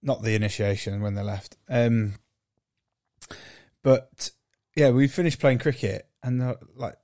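Blunt, sweary podcast co-host. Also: male voice, medium pitch, fairly even intonation, dark tone. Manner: blunt and sweary, quick to tease. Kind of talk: casual banter.

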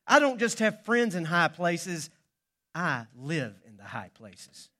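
A man's voice: on the high side, big pitch swings, takes it slowly, pushed and bright, heavily acted. A man playing an arrogant adult who boasts about their status. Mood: boastful. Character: arrogant boastful adult throwing weight around.

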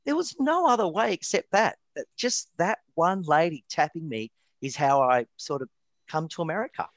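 An Australian man, a retired wedding photographer, telling lively stories in an interview with frequent repeated words. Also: fairly high pitch, normal speed, dry recording. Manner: animated, lively anecdotes with stammered repeats. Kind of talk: casual storytelling.

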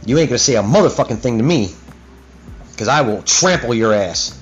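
This man's voice is husky and mid-range, with lively intonation and a fairly quick pace. As host of his own talk show he goes on a heated, profane, rambling rant full of "you know what I mean," recorded dull and lo-fi with faint music.

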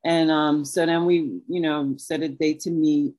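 A woman with a very low, husky voice, telling a long personal story as a podcast guest. She talks in a chatty, relaxed way and acts out the lines of others, recorded dry and close. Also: unhurried, dry recording, low-quality recording. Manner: chatty, laughs often, acts out quotes. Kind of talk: casual storytelling.

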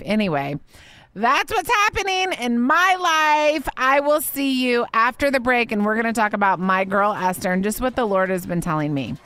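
A woman's voice: low-pitched, no echo. Emotional woman sharing a faith story. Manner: emotional, rambling storytelling with many fillers. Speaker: podcast host. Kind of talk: faith podcast monologue.

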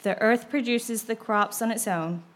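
A woman reading a scripture passage aloud in a steady, measured way. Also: fairly high pitch.

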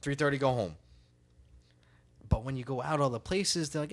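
A man's voice: medium pitch, moderate pace, pauses often. A man chatting casually on a podcast, rambling and swearing for emphasis. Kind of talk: casual chat.

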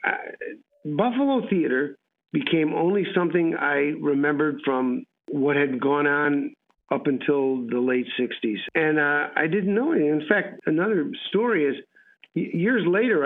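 A man, an actor being interviewed, telling rambling stories and acting out what people said. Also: a little high. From United States. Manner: rambling storyteller, acts out dialogue. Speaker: actor guest. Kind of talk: casual anecdotal interview. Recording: tinny phone-like radio line.

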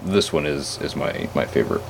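A man with a very low voice speaks as a podcast guest. He talks thoughtfully and hedges his opinions modestly, over a faint noise floor. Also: animated, fairly quick, creaky. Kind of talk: casual film podcast chat.

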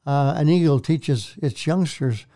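A man's voice: on the high side, unhurried, warm tone. An older man, a minister, telling his faith story to an interviewer in an earnest, preacherly way that repeats phrases for emphasis. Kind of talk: testimony in a Christian talk show interview.

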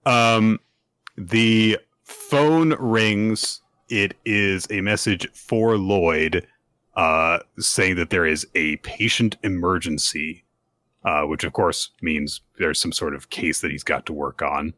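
A man co-hosting a casual podcast chat, recapping comic chapters and acting out the characters' lines in quick put-on voices. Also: deep voice, sharp tone, no echo. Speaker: podcast co-host recapping manga.

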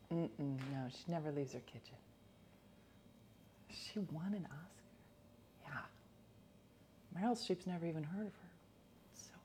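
A woman hosts a loose, jokey chat, reacting to her viewers. Her pitch swings widely, from loud mock-announcer calls down to murmured asides. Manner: jokey, animated, mock award-show announcing, trailing into quiet asides. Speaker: host. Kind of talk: casual chat, reading viewer comments.

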